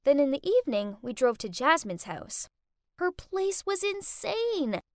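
A young woman narrating a first-person animated story in a dramatic, emotional way. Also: sits high, a little slow, dry recording, clean studio sound.

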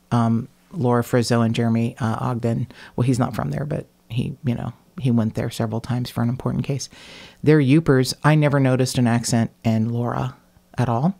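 A woman from the United States hosts a casual podcast chat. Her voice carries a gravelly fry, and she rambles in a self-mocking, joking way, with swearing here and there. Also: rumbling low, darkish tone. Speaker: podcast host.

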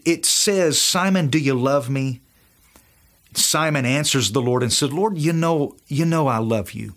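This Southern US preacher has a mid-range, fairly bright voice. He teaches the Bible with enthusiasm and performs the quoted dialogue.

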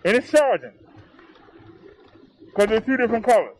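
A man's voice: high voice, animated, moderate pace, slight background noise, rough recording. A man vlogging from a drive, talking casually to his viewers in a puzzled, chatty way. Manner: puzzled, talks to viewers, says y'all. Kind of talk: casual chat. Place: inside a car on a drive. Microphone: 360 camera. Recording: music playing in the background.

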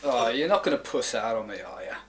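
A young man playing a cheeky flatmate full of matey banter, in naturalistic indie film dialogue. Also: mid-range voice, brisk, background noise, natural voice. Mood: teasing. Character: cheeky young English lad in a London flatshare. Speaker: new car yard worker and flatmate.

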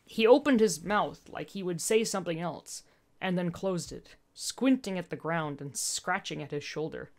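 A woman narrating a story in a gentle, earnest way. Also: fairly low pitch, moderate pace. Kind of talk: storytelling narration, fan dub reading.

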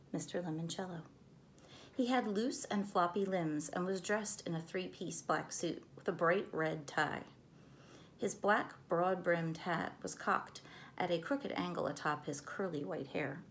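A woman reading a chapter book aloud to children in a gentle, clear storytelling voice. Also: lowish voice, slight background noise.

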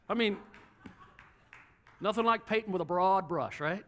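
A pastor preaching a sermon from a church platform, animated and joking, acting out little dialogues for his congregation. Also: sits high, a little slow.

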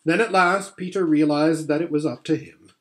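Man reading a storybook aloud. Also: a little high. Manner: measured, steady reading with occasional slips. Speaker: audiobook reader. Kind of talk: storybook narration.

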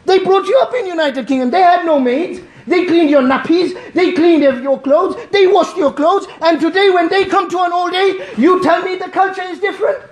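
A man from Malawi delivering an emotional Friday sermon, impassioned and pleading, at times near shouting. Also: very high-pitched, moderate pace, few pauses. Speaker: preacher. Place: mosque. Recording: echoey mosque hall.

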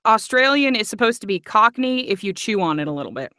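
A woman's voice: medium pitch, sing-song, quick pace, pushed and bright, no echo, clean studio sound. A woman audiobook narrator in casual livestream chat, chatty and giggly. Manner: chatty and giggly, nerdy about accents.

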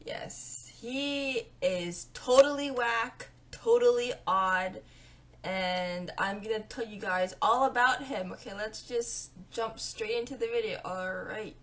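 A young woman vlogging a storytime, chatty and animated, acting out what her friends said. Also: on the high side, slow pace. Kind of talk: storytime vlog.

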